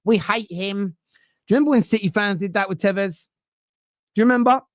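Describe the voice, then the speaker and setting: A man's voice: high-pitched, very fast, dry recording, clean studio sound. A man hosting a football podcast, ranting casually with swearing, digressions and mocking asides. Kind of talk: casual opinionated rant.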